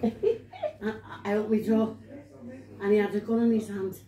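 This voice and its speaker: Old lady from liverpool spinning rude tales at a party, loud chatter around, echoey room, phone held far off. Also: mid-range voice, big pitch swings, moderate pace. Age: 80s. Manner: bawdy, swears freely, laughs through her stories. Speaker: storyteller at her birthday gathering. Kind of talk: casual storytelling.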